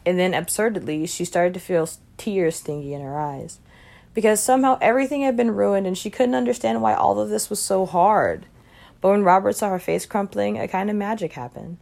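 A woman reading a short story aloud in a calm, even manner. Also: medium pitch, a little fast, gravelly. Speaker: reader.

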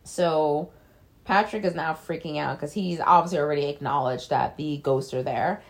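Brief: a chatty woman with a lowish voice, casually recapping a film, blunt and full of fillers. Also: moderate pace. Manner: chatty, loose, lots of "like" fillers, blunt swearing. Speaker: film reviewer.

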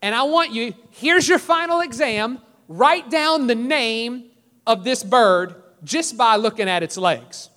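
A man voicing a stern male college professor who speaks in a measured, formal way. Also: extremely high pitch, pushed and bright, in a large hall, voice pushed up, exaggerated voice.

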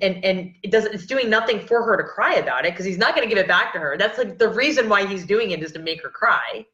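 A woman's voice: medium pitch, a bit bright. A woman in her thirties hosting a podcast, talking earnestly in a rambling way with many restarts. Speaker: podcast host. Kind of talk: casual podcast conversation. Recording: echoey, dull lo-fi sound.

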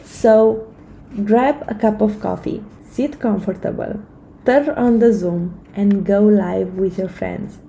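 Earnest woman with a gravelly, warm voice. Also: mid-range voice, a little hiss or hum, rough recording. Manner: earnest and encouraging, with frequent fillers and restarts. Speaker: vlogger giving life advice. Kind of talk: casual motivational talk to camera.

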